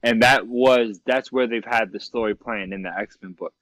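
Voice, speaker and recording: A man co-hosting a podcast, chatting about comics in an excitable, slangy way. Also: medium pitch, moderate pace, no echo. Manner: slangy and excitable, calling people bro and man. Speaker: podcast co-host. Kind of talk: casual chat about comics.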